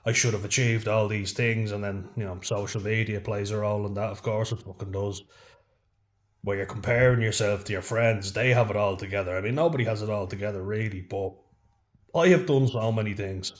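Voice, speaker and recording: Irish male vlogger, lowish voice, candid and profane, talks straight to camera. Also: steady tone, fairly quick. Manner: frank, heavy swearing, frequent "you know". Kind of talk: casual chat to camera.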